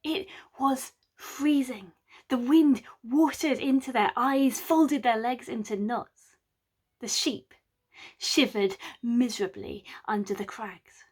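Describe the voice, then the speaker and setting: A woman scholar telling a medieval play aloud as a winter tale, with lively, wry asides to the listener. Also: a little high, slow, slightly rough. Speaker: storyteller, medieval drama scholar. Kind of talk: oral storytelling of a medieval play.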